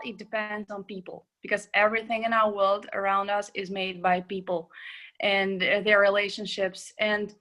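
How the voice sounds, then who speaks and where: Slow, hesitant young woman student. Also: mid-range voice, bright, forceful tone. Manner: thoughtful, hesitant, with many fillers. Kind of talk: student comment in online discussion. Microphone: video call.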